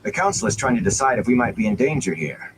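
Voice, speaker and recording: A man's voice: mid-range voice, sing-song, fast, very noisy, pitched above the performer's own voice, natural voice. A man voicing a courteous, earnest young village man.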